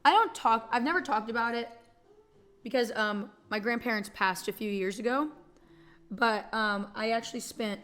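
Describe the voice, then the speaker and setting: Chatty woman streamer, slightly high voice. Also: normal speed, a bit bright, soft background music. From Texas. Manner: rambling, chatty, emotional, swears casually. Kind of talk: casual chat.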